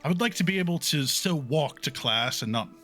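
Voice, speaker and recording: A man voicing a gentle, formal, trunked male student knight who talks in a polite, hesitant, proper way. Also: on the high side, animated, a little fast, faint music behind, voice pushed up.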